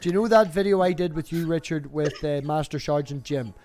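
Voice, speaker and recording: An Irish man hosting a casual streamed group chat, protesting loudly and laughing along. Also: on the high side, fairly quick, over loud music. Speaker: channel host.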